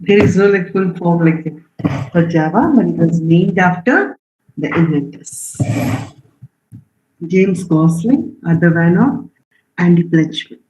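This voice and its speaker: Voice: mid-range voice, darkish tone. Online coding teacher quizzing the class, keeps saying okay right, echoey muffled stream audio. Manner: quizzes students and reads out their answers; frequent check-ins like "okay?" and "right?". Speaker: programming instructor. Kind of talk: live online lecture. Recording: roomy, dull lo-fi stream audio.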